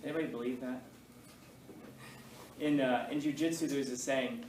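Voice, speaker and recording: A man's voice: mid-range voice, fairly quick, darkish tone. A man telling students loose, self-deprecating stories with easy laughs. His voice sits in the middle range and is caught from a distance in a roomy, echoing classroom with a faint hiss of noise behind. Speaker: teacher. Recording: echoey room, mic far off.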